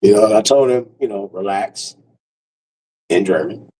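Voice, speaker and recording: A man's voice: lowish voice, fast talker, dark tone, slightly rough, recorded from a distance, low-quality recording. A man telling a comic story casually, loose and profane, laughing often and restarting his sentences. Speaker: comedian.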